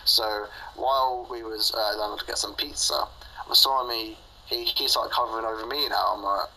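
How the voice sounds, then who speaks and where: Brief: young guy, very bright tense voice, rambly storytime with ums and laughs. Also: on the low side, fairly even intonation, normal speed, a little hiss or hum, rough recording. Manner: rambling, filler-heavy, laughs often. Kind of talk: casual storytime chat.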